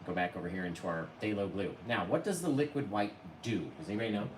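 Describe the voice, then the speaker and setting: A man's voice: lowish voice, fast, distant mic. A man hosting a livestreamed painting lesson, talking to viewers in the chat in a chatty, enthusiastic way. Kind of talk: live painting tutorial. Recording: roomy echo, voice a bit off-mic, noticeable background noise.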